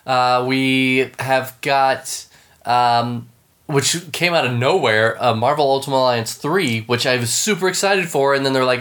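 A man's voice: medium pitch, normal speed, fairly bright tone. A man co-hosting a casual podcast chat, laid-back, swearing casually and trailing off into restarts. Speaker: podcast co-host.

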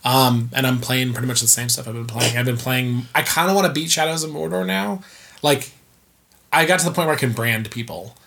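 A man's voice: medium pitch, a little fast, vocal fry, pushed and bright. A man co-hosting a casual chat, rambling loosely with lots of fillers, restarts and swearing.

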